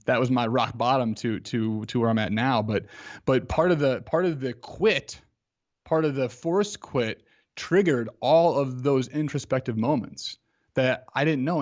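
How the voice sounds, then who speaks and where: A man in his thirties, a podcast guest telling a personal story in a casual, animated way, full of "like" and acted-out quotes. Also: mid-range voice, muffled recording.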